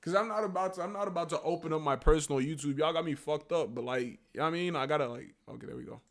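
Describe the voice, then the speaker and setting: A man on a casual livestream, reading text aloud haltingly and breaking off into slangy, profane asides. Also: fairly high pitch. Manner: reads text aloud haltingly, then riffs on it.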